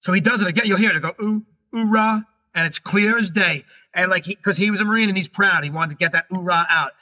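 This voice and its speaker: Middle-aged guy talking super fast and excited, keeps restarting sentences, kinda muffled recording. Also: high-pitched. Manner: animated, rushed, restarts sentences. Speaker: guest, comedian and paranormal investigator. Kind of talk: excited storytelling interview. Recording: dull lo-fi recording.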